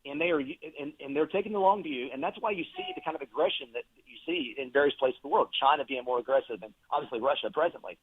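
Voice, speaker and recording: A man's voice: medium pitch, fast talker, hardly any pauses, slightly rough, no room sound. A man, a political candidate, talking earnestly in a phone interview with frequent word repeats. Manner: earnest, stumbles with repeated words. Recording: tinny phone line.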